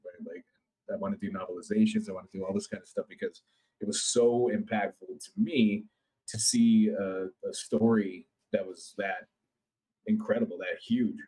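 A man co-hosting a gaming podcast in casual chat, rambling and excitable, swearing freely. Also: fairly low pitch, normal speed, breathy edge, rough recording. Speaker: podcast co-host.

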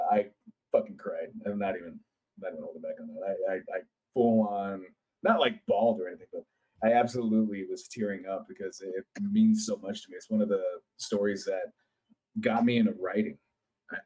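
A man co-hosting a gaming podcast in casual chat, rambling and excitable, swearing freely. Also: on the low side, rough recording. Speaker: podcast co-host.

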